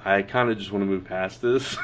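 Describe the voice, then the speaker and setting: A young man from Texas co-hosting a wrestling podcast, chatting casually with a relaxed, easy laugh. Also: low-pitched, normal speed, dull audio, faint music behind. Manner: relaxed, laughs easily, hedging restarts. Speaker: podcast co-host.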